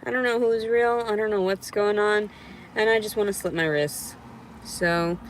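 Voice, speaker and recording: A woman's voice: mid-range voice, moderate pace, a little hiss or hum. A woman ranting alone to camera in a vlog, bitter and sarcastic, swearing a lot and sometimes slipping into a mocking sing-song voice. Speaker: vlogger. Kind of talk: unscripted solo vlog rant.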